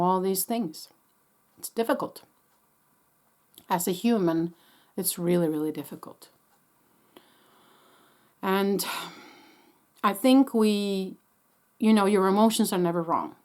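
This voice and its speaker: A woman psychic medium giving a gentle, reassuring spiritual talk, pausing and restarting often while sucking a lozenge. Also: mid-range voice. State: sucking a lozenge after coughing.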